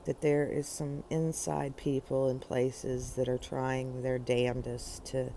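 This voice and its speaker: A woman's voice: a bass voice, little pitch movement, slow pace, warm tone, a little hiss or hum. A woman delivering an exasperated, sarcastic opinion monologue for her podcast.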